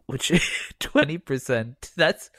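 A man's voice: on the high side, lively intonation, takes it slowly, bright, forceful tone, no room sound, clean studio sound. A man co-hosting a podcast, casually reviewing a film with a lot of swearing and laughter, acting out scenes as he goes. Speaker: podcast co-host. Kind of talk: casual movie review chat.

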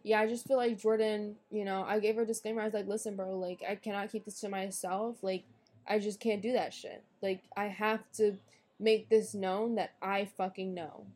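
A woman's voice: mid-range voice, flat delivery, moderate pace, a little mellow. A young woman guest on a podcast, bluntly and profanely retelling a falling-out with friends in casual chat. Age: young adult. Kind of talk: casual storytelling.

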